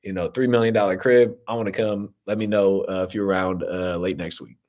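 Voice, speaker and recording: A man's voice: low voice, fairly even intonation, a little fast, a little mellow. A man coaching on real estate investing as he answers viewer comments in a casual live-stream Q&A, talking loosely with many fillers and an upbeat tone toward his viewers. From Ohio.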